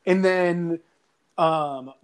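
A young man casually telling a profane high school story, animated and swearing, often laughing through his lines. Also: extremely slow, smooth. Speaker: podcast guest telling a story.

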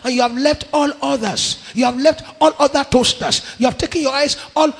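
A man's voice: very high voice, a little fast, vocal fry, few pauses, breathy edge. A middle-aged man with a Nigerian accent preaching a sermon, emphatic, piling up repeated phrases. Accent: Nigerian English. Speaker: pastor. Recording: long echo of a large hall.

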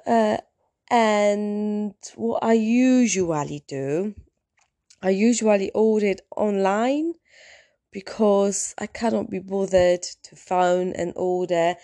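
Solo female podcaster, casual storyteller who waffles and self-corrects, mid-pitched. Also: mellow. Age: adult, in a long-term relationship. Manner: rambling, chatty, self-interrupting. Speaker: podcast host.

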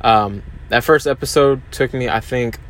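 A man's voice: mid-range voice, moderate pace, a bit bright. A man hosting his own podcast, talking hesitantly and openly about his struggles, with many fillers. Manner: hesitant, many fillers and restarts, open and confessional. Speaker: podcast host. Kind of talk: candid solo podcast monologue.

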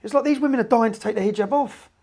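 English guy talking real fast, gravelly husky voice, keeps going "yeah?". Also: very high voice, darkish tone. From England. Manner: rapid, repeats "yeah?" to check in. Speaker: podcast guest. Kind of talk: animated storytelling in casual talk.

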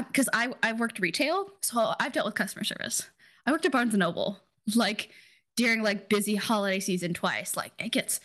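A woman's voice: medium pitch, fairly bright tone. A woman hosting a podcast, chatty and enthusiastic, with many "like"s in her casual talk. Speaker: podcast host.

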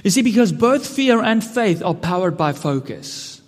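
A man's voice: high voice, very animated, normal speed. A man preaching a sermon, earnest and building to emphatic questions. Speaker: pastor. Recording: long hall reverb.

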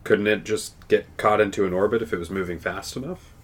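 Casting: deep-ish male co-host, easygoing agreeable chat. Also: fairly even intonation, brisk. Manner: agreeable, gives frequent short yeahs, explains plainly. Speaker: podcast co-host. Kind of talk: casual chat.

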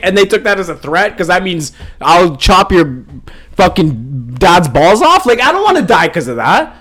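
A man co-hosting a podcast in casual chat, animated and swearing, acting out voices loudly. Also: a little high, fairly quick. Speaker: podcast co-host.

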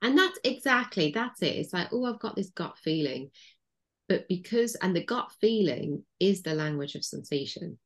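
A woman with a notably low voice talks as a podcast guest, explaining her ideas patiently. She leans on "you know" as she thinks aloud and walks listeners gently through a body-awareness exercise. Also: expressive, moderate pace. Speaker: guest, intuition coach. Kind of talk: explanatory interview talk.

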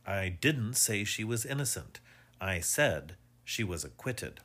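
A man voicing an older retired police inspector, precise and insistent, in a husky voice. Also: on the low side, sing-song, takes it slowly, a bit bright, full character voice. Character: retired male police inspector, older, dogged and sure of himself.

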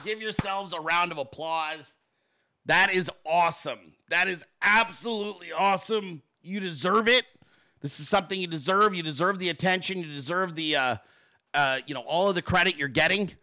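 A man's voice: high-pitched, normal speed, bright, forceful tone, dry recording. A man hosting a political commentary show, swearing often and laughing as he mocks people. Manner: profane, mocking, laughing. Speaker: host.

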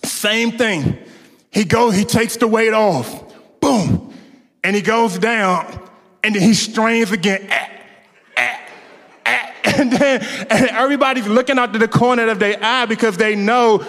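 Man, preacher, sermon, animated storytelling, stammering restarts, high voice, long hall reverb. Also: measured pace. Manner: animated storytelling, calls out to the congregation.

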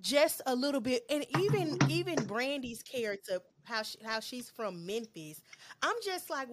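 A woman's voice: sits high, expressive, moderate pace, very noisy. A young woman with a Mississippi Southern accent, hosting a casual conversation and making her points emphatically, stretching words out. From Mississippi, USA. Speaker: host.

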